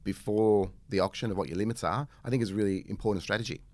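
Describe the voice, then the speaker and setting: A man, a real estate agent co-hosting a casual podcast chat, chiming in with quick prompts and questions. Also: lowish voice, darkish tone, dry recording.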